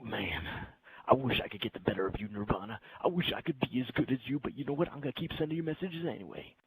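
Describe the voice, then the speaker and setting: A man doing a dim, cocky gamer troll in a mocking parody voice. The voice is raspy and gravelly, and the talk is smug and repetitive. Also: mid-range voice, animated, quick pace, pitched above the performer's own voice, poor audio. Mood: smug mockery.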